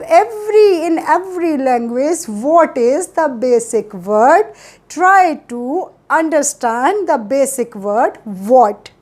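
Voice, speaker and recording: A woman's voice: high-pitched, darkish tone. A woman teaching a spoken lesson, drilling simple questions over and over. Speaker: English teacher.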